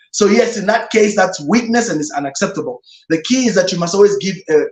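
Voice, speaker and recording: A reverend giving an emphatic motivational talk on leadership, often repeating "no, no, no" to dismiss ideas. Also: male voice, fairly high pitch. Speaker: guest speaker, reverend. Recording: roomy echo.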